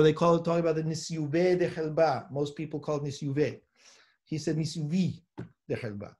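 A man's voice: on the high side, a little mellow. A man teaching a live class as a rabbi, reading Hebrew texts aloud, explaining them and asking his students questions. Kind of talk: live Torah class lecture. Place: study hall with students present.

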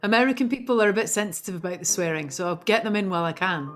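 A woman musician chatting as a podcast guest, telling lively stories with frequent swearing and laughter. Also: mid-range voice, very fast, faint music behind. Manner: animated storyteller, swears freely, laughs often. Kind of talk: casual interview chat.

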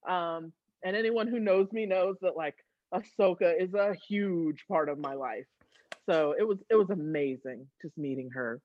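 A woman in her thirties, a guest on a podcast, telling a story with lots of laughter and high excited squeals. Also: moderate pace, lo-fi sound. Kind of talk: casual storytelling.

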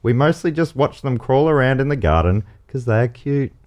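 A man's voice: medium pitch, expressive, moderate pace, darkish tone. A man hosting a comedy quiz podcast, reading out questions with playful jokey asides. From Australia. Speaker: game show host.

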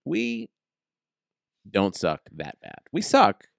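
A man's voice: lowish voice, huge pitch swings, slow pace, vocal fry, dry recording, clean studio sound. A man co-hosting a casual podcast, joking and sarcastic. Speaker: podcast co-host.

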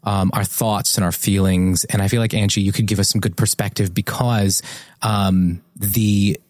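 A man from New Jersey hosts a casual podcast conversation in a lowish voice. He talks in a thoughtful, measured way and pauses often to find his words. The sound is dry and close. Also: steady tone, a little mellow, no room sound. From New Jersey, USA. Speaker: podcast co-host.

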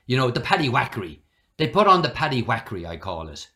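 A middle-aged Irish man telling stories in a relaxed interview, animated and given to acting out the people he quotes. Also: medium pitch, quick pace. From Ireland. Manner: animated, acts out quoted voices. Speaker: guest. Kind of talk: conversational storytelling.

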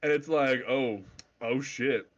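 A man co-hosting a casual comic book podcast, talking in an animated, profane way with stammering restarts. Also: medium pitch, slow, muffled recording. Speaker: podcast co-host.

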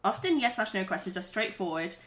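A woman's voice: medium pitch, big pitch swings, a little fast, a bit bright. A woman with a Geordie accent in casual chat, giggling often and reading tips aloud from a website.

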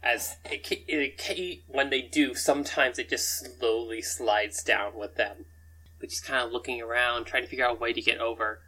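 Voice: medium pitch, steady tone, normal speed, bright, forceful tone, low-quality recording. A game master narrating a tabletop game in a rambling way, often chuckling between descriptions.

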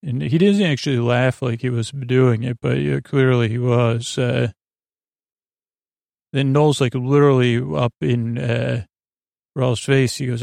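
A man hosting a sleep podcast, recapping an episode in a rambling, halting way with many fillers and restarts. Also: medium pitch, fairly even intonation, vocal fry, darkish tone, dry recording, studio quality. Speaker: podcast host.

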